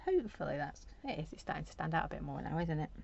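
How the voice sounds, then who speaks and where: Low gravelly woman chatting while crafting. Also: sing-song, quick pace, darkish tone, dull audio. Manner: rambling, talks to herself while working. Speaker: craft demonstrator. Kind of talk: chatty live craft demo. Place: home craft desk.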